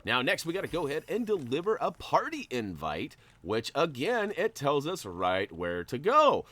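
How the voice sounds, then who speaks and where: A man's voice: a little high, moderate pace. A man giving casual, playful commentary while he plays a video game. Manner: chatty and playful, jumps up in excitement. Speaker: gaming channel host.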